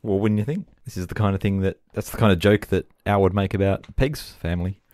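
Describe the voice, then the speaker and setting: A male podcast co-host making dry, relaxed asides in casual chat. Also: sits low, fast, dry recording.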